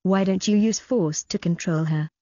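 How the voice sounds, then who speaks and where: An arrogant young crown prince, read by a woman, defensive and disdainful toward his father. The voice is low, mellow and husky, on dull recording. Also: normal speed, dry recording, close to an everyday voice. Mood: defiant. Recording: dull lo-fi audio.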